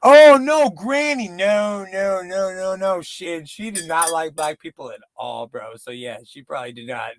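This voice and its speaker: A man in casual, profane podcast chat, rambling and slipping into quick impressions. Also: high-pitched, no echo. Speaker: podcast co-host.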